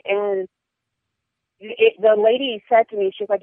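A woman's voice: medium pitch, steady tone, measured pace, pauses often. A young woman speaking frankly and earnestly as a podcast guest, her talk full of "like" and "um". Her voice comes through a tinny, narrow phone line. The sound is dry and close, with no room echo. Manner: earnest, frank, many fillers like "like" and "um". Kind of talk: personal storytelling interview. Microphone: phone or call line.

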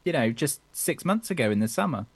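A man's voice: medium pitch, sing-song, a little fast, breathy edge, no echo. A man hosting a casual football podcast, joking with the panel, laughing often and steering the talk between guests. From England. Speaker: podcast host.

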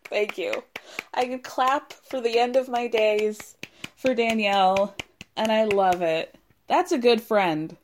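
Animated, sarcastic young woman recapping. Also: fairly high pitch, slow pace, a little hiss or hum. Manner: animated, sarcastic, swears freely, acts out quotes. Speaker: podcast host recapping a reality show. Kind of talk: casual recap commentary.

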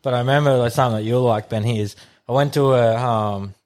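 A man's voice: medium pitch, steady tone, fast, a little mellow. An Australian man, a rodeo rider guest, telling rambling anecdotes with plenty of swearing. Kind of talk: casual chat.

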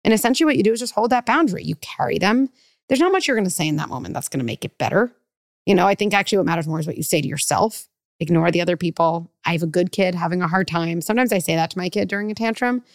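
A middle-aged woman psychologist giving parenting advice in a podcast interview, animated and full of "like", acting out parent and child lines. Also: mid-range voice, rapid-fire, creaky, no room sound, studio quality. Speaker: clinical psychologist guest.

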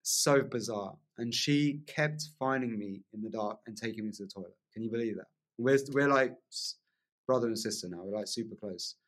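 A man telling a long personal story as a podcast guest, in a lively casual way, often asking "right?" along the way. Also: lowish voice, moderate pace. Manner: animated storyteller, frequent "like" and "right?" tags.

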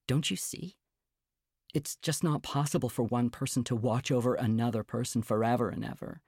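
A male audiobook reader voicing a fragile, anxious young woman, speaking earnestly and quietly pleading. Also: mid-range voice, normal speed, husky, no room sound, studio quality. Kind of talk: audiobook character reading.

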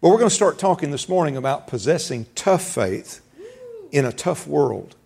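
A man's voice: fairly high pitch, very animated, normal speed, creaky, darkish tone. A man preaching a sermon as pastor, folksy, repeating words and rising for emphasis.

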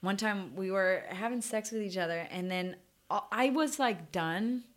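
A woman's voice: mid-range voice, moderate pace. A young woman, hosting a podcast and frankly telling a personal story, swearing freely and using many fillers.

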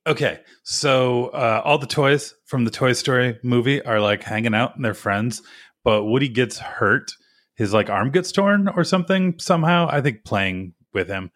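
A man co-hosting a podcast in casual chat, rambling through a hurried summary with lots of ums and self-mocking jokes. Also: mid-range voice, fairly bright tone, no room sound, studio quality. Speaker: podcast co-host.

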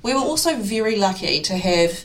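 A woman's voice: mid-range voice, lively intonation, fairly quick. A woman with a New Zealand accent, a recruitment business co-owner talking casually and rambling in an interview. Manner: rambling, many fillers and restarts.

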